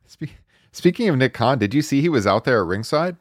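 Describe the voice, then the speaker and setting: A man co-hosting a podcast who reviews wrestling in casual chat, wry and laid-back and quick to laugh. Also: mid-range voice, expressive, dry recording, clean studio sound. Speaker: podcast co-host.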